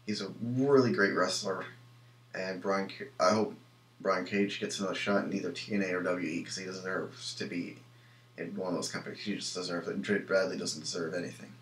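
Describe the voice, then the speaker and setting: Young male reviewer, lowish voice, casual and opinionated, echoey room. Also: steady tone, brisk, fairly bright tone. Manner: rambling, many ums and restarts, opinionated. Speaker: wrestling show reviewer.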